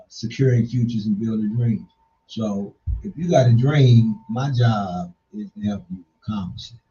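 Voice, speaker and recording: A middle-aged man hosting a casual talk show, telling loose, rambling stories with playful jabs. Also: warm tone. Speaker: host. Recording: distant mic, dull low-fidelity sound.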